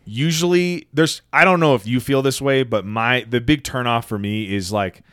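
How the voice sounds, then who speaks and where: A young man co-hosting a podcast, animated and quick to laugh, with swearing through his talk. His voice sits in a middle pitch and sounds dry and close. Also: clean tone, no room sound. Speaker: podcast co-host. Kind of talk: casual chat.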